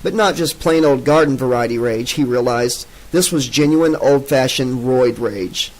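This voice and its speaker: A man narrating a novel in a steady, even way. His voice sits at a middling pitch and keeps the story moving. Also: normal speed, rough recording. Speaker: audiobook narrator. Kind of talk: audiobook narration.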